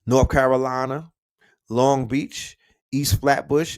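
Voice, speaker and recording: A man hosting a casual livestream, talking in slang and shouting out the cities his viewers are watching from. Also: mid-range voice, slow pace, creaky, no echo, clean studio sound. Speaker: livestream host.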